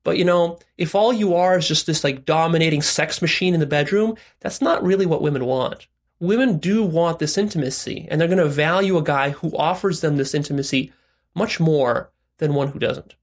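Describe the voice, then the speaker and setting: A man's voice: on the high side, moderate pace. A man giving frank, direct relationship and sex advice in a casual monologue, explaining step by step with "right?" asides.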